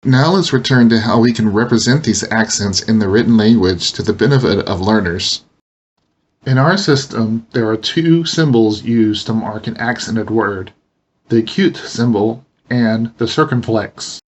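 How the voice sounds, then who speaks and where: A man teaching a language lesson, explaining pronunciation slowly and deliberately. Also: lowish voice. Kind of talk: instructional narration.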